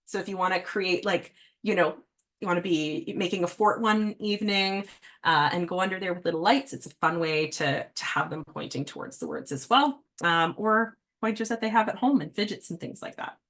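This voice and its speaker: A woman's voice: on the low side, moderate pace, a bit bright. Casual, friendly woman reading specialist. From Canada. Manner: friendly, casual teaching with fillers. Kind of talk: parent workshop talk.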